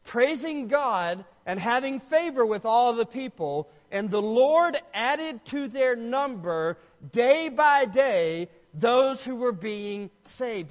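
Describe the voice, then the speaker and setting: A man's voice: extremely high pitch, in a large hall. A man preaching a sermon as pastor, emphatic and asking questions of the congregation.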